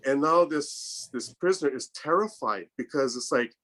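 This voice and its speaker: A man telling a story casually on a video call, acting out the people he quotes in a higher voice. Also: lively intonation, moderate pace, a bit bright. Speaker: storyteller in a group chat.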